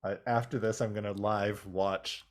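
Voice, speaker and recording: A man's voice: on the low side, level tone, normal speed. A man co-hosting a podcast, casually recapping a cartoon with crude jokes and frequent laughter. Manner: laughing, crude jokey retelling. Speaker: podcast co-host.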